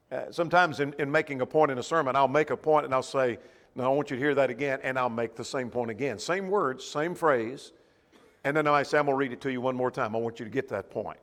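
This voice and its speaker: Man, Bible class teacher, conversational, asks questions, mid pitch, long church reverb.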